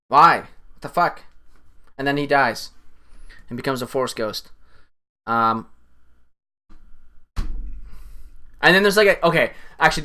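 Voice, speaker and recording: A young man casually recapping a film on a stream, rambling and profane, excitedly acting out lines from the scenes. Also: mid-range voice.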